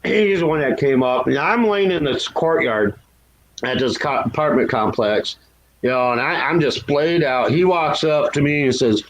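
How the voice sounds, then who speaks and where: A man's voice: animated, normal speed, muffled recording. Candid man telling his story casually. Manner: candid and self-deprecating, laughs at own story; raises pitch to act out quoted voices. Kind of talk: casual chat.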